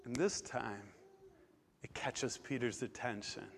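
A man preaching a sermon, emphatic, swinging between loud stressed words and quiet, low drops. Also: takes it slowly, slight background noise.

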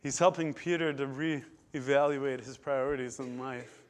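A man preaching a sermon, emphatic, swinging between loud stressed words and quiet, low drops. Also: steady tone, measured pace.

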